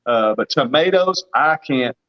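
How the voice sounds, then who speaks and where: A man's voice: medium pitch, lively intonation, a little slow, lo-fi sound. A man in his fifties with a Southern US accent, a guest farmer telling folksy stories with a laugh in a casual livestream chat over a video call. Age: 50s. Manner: folksy storytelling, laughs often.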